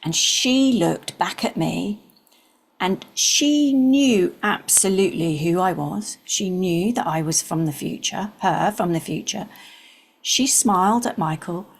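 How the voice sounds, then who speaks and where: A woman in her sixties, an interview guest, earnestly telling a personal story and sometimes dropping into soft whispers. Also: lowish voice, slow, gravelly, breathy edge.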